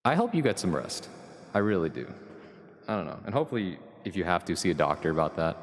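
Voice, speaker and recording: A man's voice: deep voice, very animated, quick pace. A man hosting his own live stream, chatting casually and rambling through asides as he greets viewers and mods. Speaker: livestream host. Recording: long reverb with music underneath.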